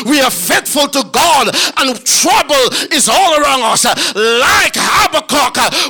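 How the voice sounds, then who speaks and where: A man preaching a fervent sermon as pastor, in a sing-song, shouting style with frequent fillers and repeated words. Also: very high voice, slow, hardly any pauses, faint music behind.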